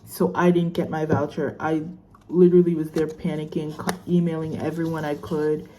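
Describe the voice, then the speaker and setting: A woman's voice: low voice, level tone, moderate pace, dark tone. A young woman vlogging casually as a student, chatty and rambling with lots of fillers while she unboxes a laptop. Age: young adult. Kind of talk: casual unboxing vlog chat.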